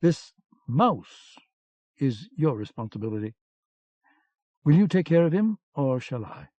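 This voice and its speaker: A man's voice: medium pitch, big pitch swings, measured pace, dark tone, no room sound. A man reading an audiobook, voicing a cold, curt female spy with a frosty manner, on a dull lo-fi cassette recording. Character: cold, veiled female resistance agent, icy and curt.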